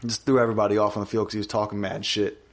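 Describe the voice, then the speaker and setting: A man's voice: fairly low pitch, flat delivery, racing. A man co-hosting a casual podcast chat, joking crudely and riffing. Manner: crude, joking, riffs into loud put-on voices. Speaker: podcast co-host.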